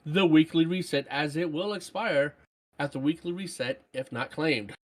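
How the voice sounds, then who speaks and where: A woman co-hosting a gaming podcast, reading out listener comments in casual chat and breaking into excited shouts. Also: sits low, measured pace. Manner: animated, jumps to excited shouts. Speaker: podcast co-host.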